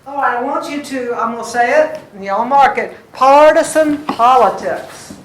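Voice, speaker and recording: A woman's voice: on the high side, a little fast, a little hiss or hum. A woman teaching a poetry class, chatty and drawing out words to show the stress. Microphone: distant recorder. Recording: echoey room from far off.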